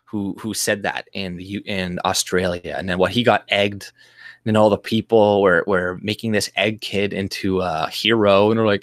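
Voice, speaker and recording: A man with a fairly low voice rants casually on his home livestream, rambling, swearing and often breaking off to restart his sentences. The sound is close and dry, with little room around it. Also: fairly even intonation, moderate pace, no echo. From Canada. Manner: rambling, profane, with frequent restarts and mocking mimicry. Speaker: livestream host. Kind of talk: casual political livestream rant.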